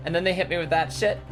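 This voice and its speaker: A woman streaming a game, chatting casually with lots of swearing, giggles and exclamations, over game music. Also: on the low side.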